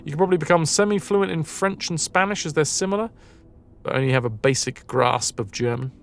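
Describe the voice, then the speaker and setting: A man's voice: a little high, fairly quick, vocal fry, soft background music. A man with a Yorkshire accent streaming a game, chatting casually, musing aloud and answering his chat. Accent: northern English, Yorkshire. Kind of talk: casual live-stream chat while gaming.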